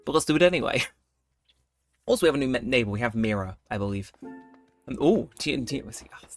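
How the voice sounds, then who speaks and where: A man's voice: mid-range voice, animated, quick pace. A man hosting a late-night gameplay video, chatting in a rambling, laid-back way. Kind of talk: casual let's-play commentary. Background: faint game music.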